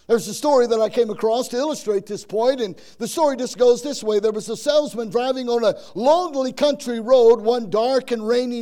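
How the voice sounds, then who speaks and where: A man's voice: very high voice, darkish tone. A man preaching a folksy sermon, telling stories and acting out the quoted voices.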